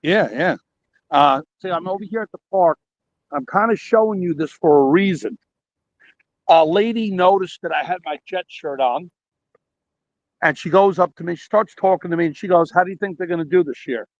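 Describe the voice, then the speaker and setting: A man's voice: high voice, moderate pace, pauses often, dry recording, dull audio. A man calling in by phone from a park, rambling animatedly through a story with quoted dialogue. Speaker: caller. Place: outdoors at a park.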